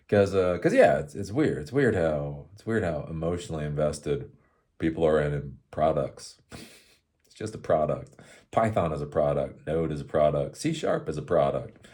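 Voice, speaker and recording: A man's voice: rumbling low, big pitch swings, normal speed, darkish tone. A man hosting his own show, talking in a casual, rambling monologue and laughing often. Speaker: show host.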